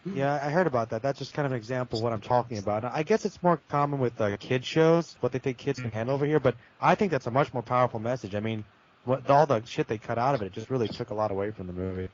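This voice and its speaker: A man in a casual group chat, giving his opinions in a relaxed way. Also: mid-range voice, quick pace, slight background noise. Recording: dull lo-fi recording.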